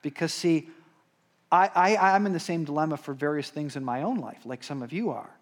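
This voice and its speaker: A male pastor preaching a sermon in a conversational way, tossing in "right?" and "okay?", swinging between emphatic rises and quiet, slowed drops. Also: a little high. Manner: conversational preaching with rhetorical asides and repeated "right?".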